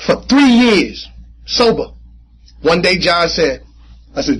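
A man speaking at a recovery meeting, telling his personal story in an animated, conversational way with casual slang and frequent repeats. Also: sits high, slow pace, long pauses, slight background noise, low-quality recording. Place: meeting room.

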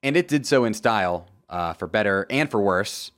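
A man's voice: on the low side, normal speed. Joking young man recapping a race. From Florida, USA. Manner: joking, animated, asides and sudden loud outbursts. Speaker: motorsport commentator. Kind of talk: casual video commentary.

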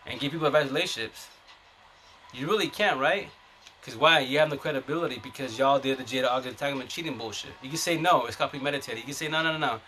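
A man's voice: a little high, sharp tone, a little hiss or hum. A man hosting a live stream, ranting about his relationship in a blunt, combative, profane way. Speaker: TikTok live host. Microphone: phone mic.

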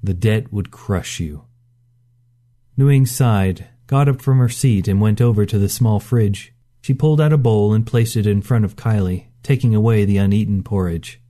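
A man narrating a short story in a steady, measured reading. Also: on the low side. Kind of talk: scripted narration.

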